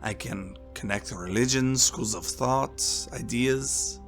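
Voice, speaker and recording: A man voicing a calm priest with a French accent, speaking warmly and slowly in a soft, deep voice. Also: gravelly, faint music behind. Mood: musing. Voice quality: warm and deep, soft-spoken. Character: priest, calm middle-aged man, gentle talker.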